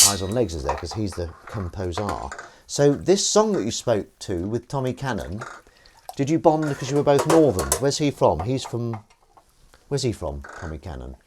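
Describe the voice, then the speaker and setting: A man's voice: lowish voice, noisy background. A man hosting a casual live stream, chatting and reading out viewer comments in a playful way. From Northern England. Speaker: livestream host. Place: home kitchen while washing up.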